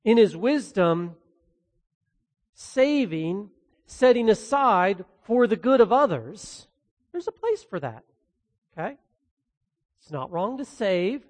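High-voiced man preaching in a reverberant hall. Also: sing-song, slow, long pauses, darkish tone. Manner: earnest, with casual asides. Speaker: pastor. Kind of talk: expository sermon.

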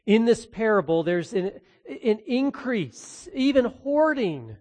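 High-voiced man preaching in a reverberant hall. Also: big pitch swings, takes it slowly, darkish tone. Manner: earnest, with casual asides. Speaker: pastor. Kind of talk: expository sermon.

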